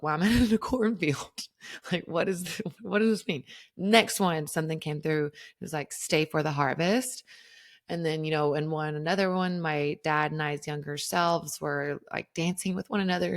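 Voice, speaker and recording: A woman's voice: sits low, a little fast. A woman hosting a podcast, telling a personal story in a candid, casual way, swearing freely and laughing through it. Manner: candid, swearing, laughing, animated when reliving a scare. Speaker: podcast host.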